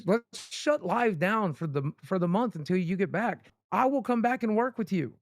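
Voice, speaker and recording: A man's voice: high voice, lively intonation, normal speed, no echo, studio quality. A man who hosts a livestream, arguing his side in a defensive way and offering to make amends. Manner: defensive, then conciliatory. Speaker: livestream host.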